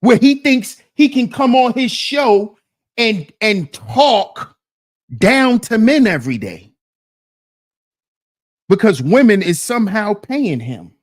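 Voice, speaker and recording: Male stream host with an indignant, preachy delivery, slow and very animated. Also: high voice. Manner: indignant, preachy, rhetorical questions to his chat. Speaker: commentary channel host. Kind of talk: reaction commentary to a debate clip.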